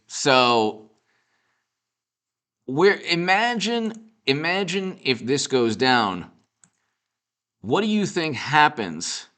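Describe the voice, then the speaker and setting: A male commentator talks off the cuff about politics in a mocking, sarcastic way. He rambles, restarts his sentences and laughs at his own jokes. His voice is bright and forceful at a middle pitch. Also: clear, resonant tone. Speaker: political commentator and show host.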